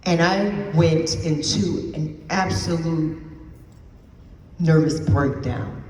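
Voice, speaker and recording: A woman's voice: deep voice, fairly even intonation, slow pace, a little mellow, a little hiss or hum. A woman giving an emphatic personal testimony as a keynote speaker at an event, repeating phrases for effect. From New Jersey. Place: event hall. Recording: roomy hall from a distance.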